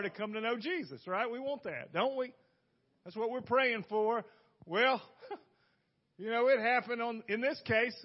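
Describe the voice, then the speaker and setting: High-voiced folksy preaching man. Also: dull audio. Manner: folksy, asks the room rhetorical questions. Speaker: pastor. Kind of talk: conversational sermon.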